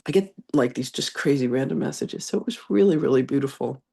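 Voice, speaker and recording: Fairly quick, with vocal fry and a breathy edge on a rumbling low voice, a congested psychic medium and reverend chats through animated stories, laughing frequently. Afterward she reads a channeled message offering a spiritual lesson.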